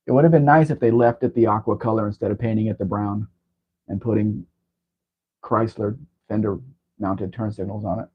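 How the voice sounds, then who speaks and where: A man's voice: on the low side, steady tone, fairly quick, breathy edge, dull audio. A man hosting a casual live-stream chat, talking in a rambling, wry way about old cars. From Southern California. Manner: rambling, chatty car talk with wry asides. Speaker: show host.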